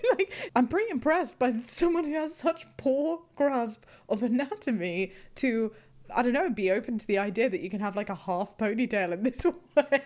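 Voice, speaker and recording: A woman's voice: a little high, darkish tone. A woman hosting a casual reaction vlog, reading posts aloud and laughing often between remarks. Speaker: YouTuber host.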